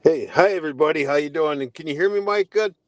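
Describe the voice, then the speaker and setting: A man's voice: a little high, fast, no room sound. A man joining a casual livestream chat as a guest, giving easygoing brief replies. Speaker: guest, company owner.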